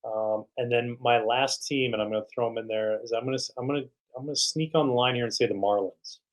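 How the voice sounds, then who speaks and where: A man's voice: medium pitch, fast, poor audio. Middle-aged male guest, casual storyteller, mid-range voice, acts out the quotes. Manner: animated, quotes teammates in voices. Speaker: guest, retired pitcher.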